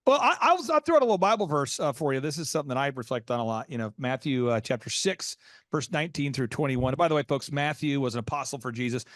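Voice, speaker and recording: An American man hosting a podcast, telling a long story with energy and leaping into high excited voices when he acts out his reactions. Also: quick pace, no echo, clean studio sound. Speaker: podcast host. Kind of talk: animated storytelling in a business podcast.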